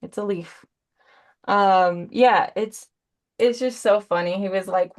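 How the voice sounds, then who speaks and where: Speaking at a normal speed in a medium-pitched voice, a woman in her forties runs a live painting demo on a video call as a brand ambassador. Her talk is chatty and meandering, sprinkled with punny asides.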